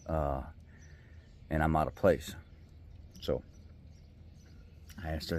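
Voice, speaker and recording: A man's voice: rumbling low, fairly even intonation, slow pace, pauses often, darkish tone, a little hiss or hum. A middle-aged man, telling a personal story in a rambling, folksy, heartfelt way. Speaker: vlogger. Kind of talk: casual storytelling vlog. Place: outdoors by a river.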